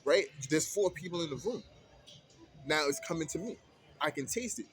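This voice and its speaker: A man's voice: on the high side, lively intonation, moderate pace, breathy edge. A man ranting heatedly in a casual vlog, retelling an argument in colloquial speech.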